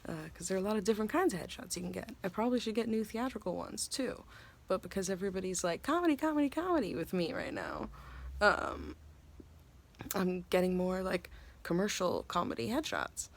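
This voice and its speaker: A woman's voice: on the low side, sing-song, a little fast. A young woman talking to camera in a casual vlog, chatty and rambling, giddy and self-mocking, tired and hungry. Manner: giddy and scattered. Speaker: actress vlogger.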